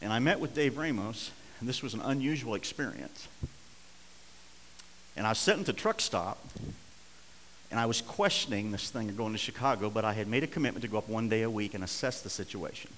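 A middle-aged man preaching a sermon, telling a story and swinging between hushed and loud, urgent passages. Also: on the low side, lively intonation, a little fast, big-room sound, slight background noise, rough recording. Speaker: pastor.

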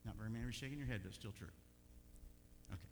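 A middle-aged man preaching a sermon, telling folksy stories with bursts of loud emphasis. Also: on the low side, very fast, gravelly. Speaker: pastor. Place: church sanctuary. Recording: long church hall reverb, faint hum.

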